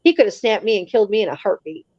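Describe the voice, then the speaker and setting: An animated woman guest recounts a tense story in a casual, emphatic way, often slipping into the voices of those involved. Her voice sits at an ordinary middle pitch. The audio is dull and lo-fi with a dry, close sound. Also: rapid-fire, no echo. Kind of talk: casual spoken storytelling on a live show.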